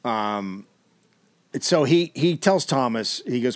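A man's voice: medium pitch, expressive, takes it slowly. Man wryly retelling a history story. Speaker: podcast co-host, comedian. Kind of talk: casual storytelling about history.

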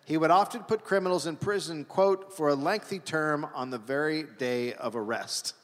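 A man co-hosting a live comedy podcast, reading a history story deadpan from his notes. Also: fairly high pitch, moderate pace. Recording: live venue with hall reverb.

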